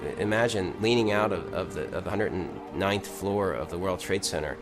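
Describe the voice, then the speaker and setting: Hesitant deep-voiced male witness. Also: moderate pace. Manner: hesitant, repeating words. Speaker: eyewitness interviewee. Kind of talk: interview testimony. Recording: loud music behind the voice.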